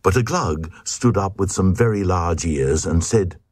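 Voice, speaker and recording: Male reader, low and lively, slow playful delivery of comic verse, dry. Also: breathy edge, no echo. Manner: playful, sing-song storytelling. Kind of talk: reading comic verse aloud.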